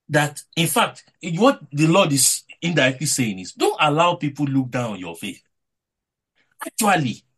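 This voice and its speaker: A man's voice: a little high, slightly rough. A man preaching a devotional sermon with emphatic delivery, his voice rising and falling between points.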